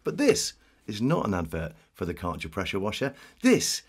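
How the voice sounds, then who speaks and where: A man's voice: fairly low pitch, wildly swooping pitch, moderate pace, breathy edge. A man from Devon who works as a voice actor, chatting playfully and jokingly in a casual comic conversation. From Devon, England. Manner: playful, jokey, slips into impressions. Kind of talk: casual comic chat with accent impressions.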